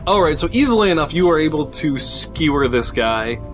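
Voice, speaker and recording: A man running a tabletop role-playing game as game master, chatty and quick with frequent laughter. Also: a little high, very animated, fairly bright tone, soft background music.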